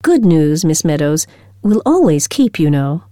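A woman reading a storybook aloud, voicing a stern, prim older headmistress who speaks in a cool, measured way. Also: deep voice, big pitch swings, warm tone, no room sound, studio quality, voice pushed down. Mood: disapproving.

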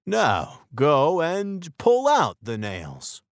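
Guy playing a calm dad giving a lesson, slow and gentle, textbook story reading, dry. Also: on the high side, no room sound, voice pushed up, exaggerated voice. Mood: instructive. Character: patient, wise father teaching his son.

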